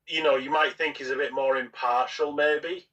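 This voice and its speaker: A man's voice: on the high side, fairly even intonation, normal speed, bright, forceful tone, dull audio. A man co-hosting a podcast, chatting casually and critically with many fillers, recorded from a distant mic. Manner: conversational, critical, full of fillers like "like" and "you know". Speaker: podcast co-host. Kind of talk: casual chat.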